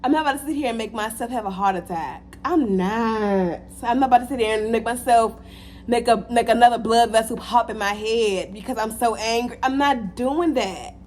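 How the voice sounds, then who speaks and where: Animated woman giving a pep talk. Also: on the high side, normal speed, slight background noise. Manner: animated, preachy, repeats phrases for emphasis. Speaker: vlogger. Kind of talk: casual motivational talk to camera.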